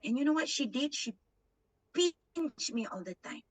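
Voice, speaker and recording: A woman's voice: fairly high pitch, lively intonation, normal speed, slightly rough, rough recording. A woman with a Malaysian English accent giving a guest lecture, switching between English and Malay and repeating words as she searches for them.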